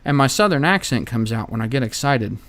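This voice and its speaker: A man's voice: medium pitch, lively intonation, brisk, a bit bright. An American man doing casual live-stream commentary while taking apart a laptop, wry and a bit profane, thinking aloud as he works. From United States. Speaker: tech repair streamer.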